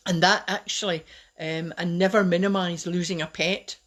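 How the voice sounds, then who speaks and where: Low-voiced woman giving a chatty live talk. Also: moderate pace, fairly bright tone. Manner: chatty, personal, with self-deprecating laughs. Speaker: host of a live talk on resilience. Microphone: webcam or phone on a live stream.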